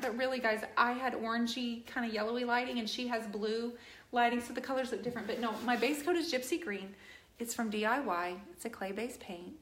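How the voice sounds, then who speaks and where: Earnest woman painter in an echoey room. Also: fairly high pitch. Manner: earnest, emphatic, speaks directly to viewers. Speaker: furniture painting instructor streaming live. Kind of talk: live painting stream chat. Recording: roomy echo.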